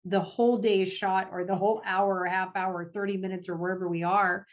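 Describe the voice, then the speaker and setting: Animated woman guest, lively talk. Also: brisk, highs cut off. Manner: animated, acts out family quotes with big pitch jumps; frequent restarts and laughs. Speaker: guest, parent advocate. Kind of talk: conversational podcast interview.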